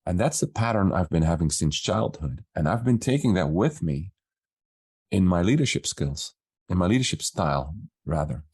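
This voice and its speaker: Brief: low-pitched male business coach, relaxed podcast storyteller who voices the quoted dialogue. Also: fairly quick, breathy edge.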